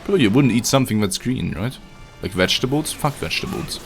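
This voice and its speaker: Over faint background music, a streamer with a medium-pitched, expressive voice talks briskly. He cracks jokes and curses as he chats with viewers during his video game broadcast.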